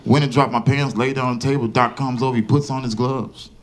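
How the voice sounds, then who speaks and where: A man doing a stand-up comedy set on a club stage, telling a story with animated, exasperated outbursts. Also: medium pitch, fairly quick. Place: comedy club stage before a live audience. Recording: live club audience laughing loudly.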